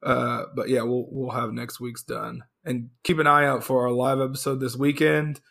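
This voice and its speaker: A man with a gravelly, fraying voice co-hosts a casual podcast chat. He rambles loosely, restarting his sentences, and sounds worn out as his voice gives way. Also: mid-range voice, flat delivery, normal speed, a bit bright. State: voice fading, hoarse. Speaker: podcast co-host.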